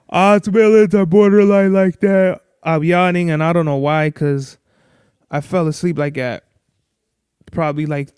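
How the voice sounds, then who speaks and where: A man's voice: fairly high pitch, smooth, no room sound, studio quality. A young man hosting a podcast on his own, talking casually in a rambling, profane way. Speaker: podcast host. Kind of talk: casual solo podcast talk.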